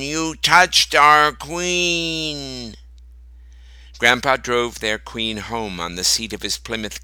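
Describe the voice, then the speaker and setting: A man reading a short story aloud as narrator, slow and deliberate. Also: lowish voice, bright, forceful tone, no room sound, poor audio.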